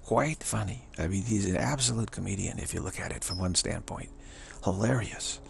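A man giving rambling spiritual commentary, chuckling and halting with many restarts. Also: deep voice, gravelly, slight background noise.

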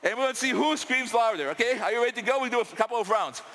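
A man giving a lively live product demo on stage in a large conference hall, stirring up the audience. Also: very high voice, rapid-fire. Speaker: tech demo presenter. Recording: echoey hall with crowd noise.

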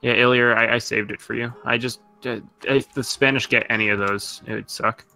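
Man, gravelly voice, sharp tone, casual game chat. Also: mid-range voice, fairly even intonation, brisk, faint music behind. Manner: casual, narrates his game moves. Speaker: gamer.

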